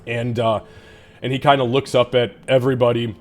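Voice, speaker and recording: A man's voice: medium pitch, level tone, a little fast, darkish tone, faint music behind. A man running a tabletop game as game master, narrating in a loose, casual way and cursing freely.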